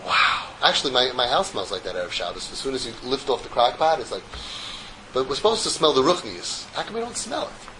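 A man giving a Torah lecture to a group as rabbi, an animated storyteller who slips in jokes. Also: medium pitch, a little fast, a little hiss or hum, rough recording.

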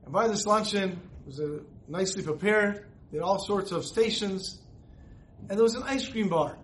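Male Torah teacher, high voice, storytelling and acting out the lines. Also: lively intonation, moderate pace, a little hiss or hum. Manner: storytelling, acts out dialogue. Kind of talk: recorded Torah class.

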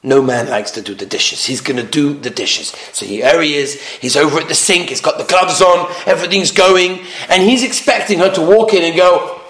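A man, a rabbi, giving an animated lecture full of anecdotes, driving points home with emphatic repetition. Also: a little high, moderate pace, hardly any pauses. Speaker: rabbi giving a talk on marriage. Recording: roomy echo.

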